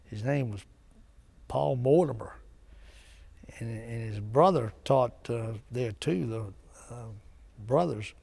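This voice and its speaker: Older male interviewee, unhurried and gravelly, hesitant memories. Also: medium pitch, a little mellow. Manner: slow, halting, trailing off. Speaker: interviewee, former student. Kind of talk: reminiscing interview.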